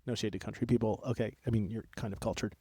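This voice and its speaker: A young man co-hosting a podcast, telling a history story in an excitable, rambling way that keeps breaking off and jumping between tangents. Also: on the low side, quick pace, breathy edge, dry recording, clean studio sound. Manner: excitable, rambling, self-interrupting. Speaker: podcast co-host. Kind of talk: casual storytelling chat.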